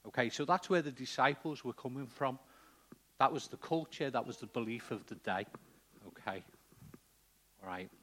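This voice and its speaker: A man's voice: mid-range voice, normal speed, long pauses, a bit bright. A man preaching a sermon in a conversational way, often checking in with the congregation.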